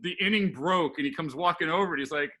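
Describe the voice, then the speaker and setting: Bright, animated storytelling man. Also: on the high side, quick pace. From New York. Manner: animated, acts out the voices in his stories. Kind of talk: casual chat, storytelling.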